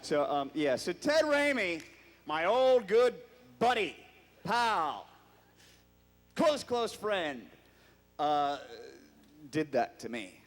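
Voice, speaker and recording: Convention panel guest, male, high and very lively voice, spins a comic story and acts out whiny quotes. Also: slow, pauses often, in a large hall. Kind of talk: comic anecdote to a live audience. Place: convention hall stage.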